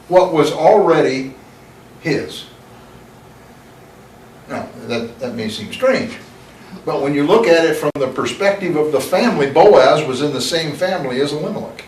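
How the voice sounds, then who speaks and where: Man, Bible teacher, slow and emphatic, somewhat high voice, echoey room, distant mic. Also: lively intonation, a little hiss or hum. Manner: slow, emphatic reading with conversational asides. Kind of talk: Bible lesson. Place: church room.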